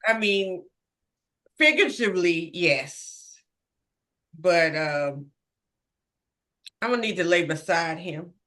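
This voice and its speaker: A woman's voice: lowish voice, animated, takes it slowly, long pauses, sharp tone. A woman co-hosting a ministry podcast, chatting casually with playful, joking asides. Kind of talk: casual chat.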